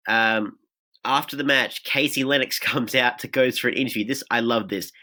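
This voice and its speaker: An Australian man hosting a podcast in a casual, rambling way, full of asides and fillers. His voice sits in a middle pitch and has a bright, forward edge. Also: moderate pace. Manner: chatty, lots of fillers and asides. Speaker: podcast host. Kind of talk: casual recap talk.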